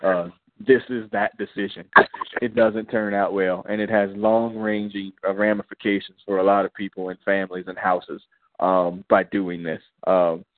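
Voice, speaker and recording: Low-voiced guy recapping a show, chill and chatty, sounds like a phone line. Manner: laid-back, acts out characters' lines in slang. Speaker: podcast co-host. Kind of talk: casual recap chat.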